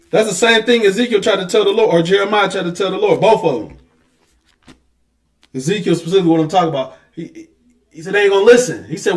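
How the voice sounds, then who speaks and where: High-voiced preacher, conversational and emphatic. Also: male voice, fast talker. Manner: conversational, emphatic, mocks excuses in lowered voice. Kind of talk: street-level sermon with scripture reading.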